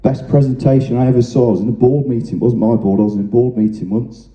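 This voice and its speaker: A man's voice: mid-range voice, steady tone, quick pace, mellow. A man giving an informal training talk to a live audience, chatty and anecdotal, speaking straight to the room. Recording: roomy, dull lo-fi sound.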